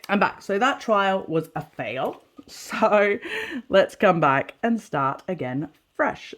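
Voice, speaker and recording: This is an Australian woman filming herself sewing at home, chatting to her viewers as she goes. Her voice sits fairly low but is very lively in pitch, bouncing up and down as she talks. She is chatty and quick to poke fun at herself. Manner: chatty, self-deprecating, talks to herself while working. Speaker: sewing vlogger. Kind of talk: casual sew-along chat.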